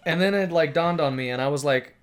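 A man's voice: on the high side, fairly quick, slight background noise. A man in casual chat, telling a rambling story and swearing freely.

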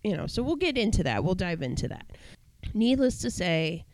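A woman's voice: on the low side, big pitch swings, moderate pace, darkish tone, dry recording, poor audio. Chatty woman podcast host. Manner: chatty, rambling, self-correcting. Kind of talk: casual podcast chat.

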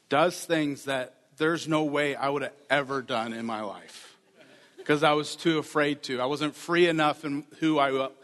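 In an echoing church sanctuary, a man preaches with a mid-range, fairly bright tone. This pastor's sermon stays earnest and conversational, returning to the same phrases again and again.

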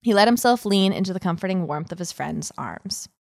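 A woman's voice: medium pitch, expressive, a little fast, gravelly, no echo, clean studio sound. A woman reading a story aloud as a podcast host, breaking off into giggly, chatty asides.

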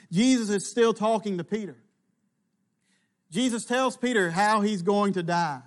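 A man preaching a sermon, slow and emphatic, dropping low at the ends of phrases.

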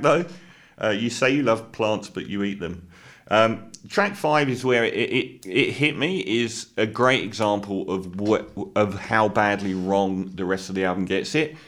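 A man giving an opinionated spoken album review, often pausing with fillers and restarting sentences. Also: lowish voice, fairly bright tone.

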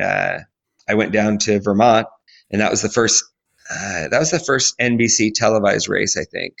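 A man in his forties from Alaska, a guest athlete telling his story in a podcast interview, animated, acting out quotes and restarting often. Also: lowish voice, vocal fry. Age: 40s.

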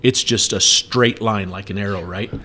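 A middle-aged man telling a story in a casual chat, animated and acting out the shouted lines. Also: on the low side, moderate pace. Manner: animated, acts out yelled quotes.

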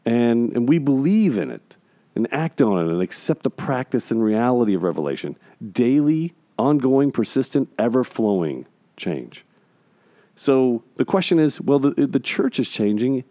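A man's voice: medium pitch, very animated, moderate pace, dark tone, dry recording. A man co-hosting a casual faith discussion podcast, talking in an earnest way and stacking emphatic repeated phrases. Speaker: podcast co-host.

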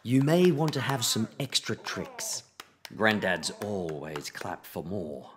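A man reading a children's picture book aloud in an expressive, playful storytelling manner. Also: fairly low pitch, takes it slowly. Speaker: storybook reader.

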